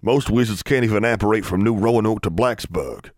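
A friendly, easygoing man who drives a wizard carriage, voiced by a male audiobook narrator. His voice is deep, and the recording has a dry, close sound. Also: brisk, darkish tone, no echo, natural voice. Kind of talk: audiobook character reading.

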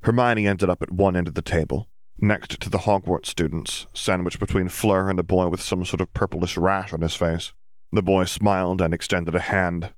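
Male audiobook narrator, very low voice, dry close sound, steady descriptive reading. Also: brisk, no echo.

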